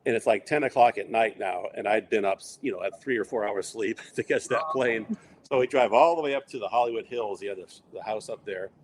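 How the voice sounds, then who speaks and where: A middle-aged man telling long, rambling stories in a relaxed interview, acting out quoted lines along the way. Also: lowish voice, brisk, slight background noise. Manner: rambling anecdotes with quoted asides. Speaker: interview guest. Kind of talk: casual storytelling.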